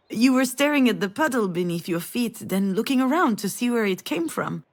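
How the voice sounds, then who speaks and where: An actress playing a mother who recalls a family memory in an intimate, storytelling manner for a game. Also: fairly low pitch. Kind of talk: game voice acting.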